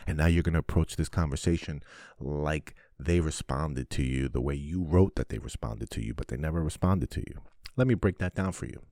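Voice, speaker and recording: A man hosting a podcast, talking in a blunt, profane, animated monologue. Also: rumbling low, brisk, no echo, clean studio sound. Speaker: podcast host. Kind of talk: casual monologue.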